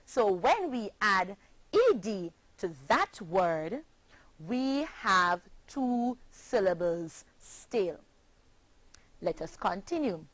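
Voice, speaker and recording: A woman's voice: mid-range voice, very animated, very slow, fairly bright tone, dry recording, low-quality recording. A woman with a Jamaican accent teaching a scripted phonics lesson, spelling words out letter by letter.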